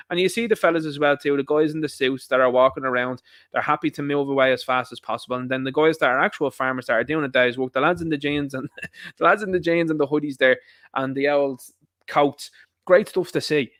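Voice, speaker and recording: An Irish man delivers a scornful, combative rant, hammering his points home by repeating them. His voice sits a little higher than most men's, and the sound is close and dry. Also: dry recording. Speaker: online commentator. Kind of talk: ranting video commentary.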